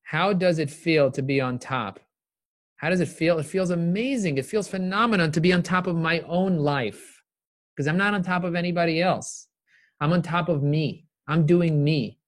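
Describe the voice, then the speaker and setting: Man, fairly high voice, animated, emphatic, live-stream motivational talk, webcam mic. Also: moderate pace, dry recording, clean studio sound.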